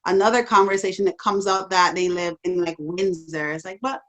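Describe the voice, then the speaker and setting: A woman's voice: on the low side, fairly even intonation, a little fast, poor audio. A woman in a casual group chat, talking in a loose, rambling way with lots of "like" and "you know". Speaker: guest.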